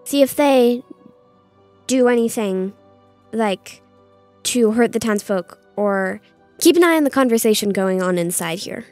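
A woman's voice: fairly high pitch, expressive, a little slow, pauses often, a little mellow, no room sound, soft background music. A woman playing a tabletop game, speaking casually and hesitantly, asking questions. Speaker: player.

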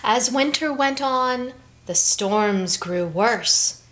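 A woman reading a picture book aloud to children in a slow, expressive way. Her voice is a bit higher than average and moves lively up and down. She takes her time with each phrase. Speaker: children's story time reader.

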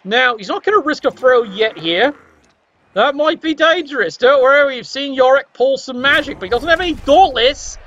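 A man's voice: very high-pitched, expressive, moderate pace, a bit bright, dull audio. A man commentating a tabletop sports game with wry, sarcastic asides.

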